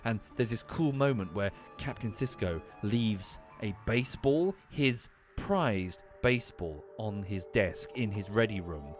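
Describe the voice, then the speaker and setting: Animated, swearing streamer in his thirties. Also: on the low side, unhurried, few pauses, faint music behind. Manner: animated, swearing, frequent restarts. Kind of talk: casual rambling chat.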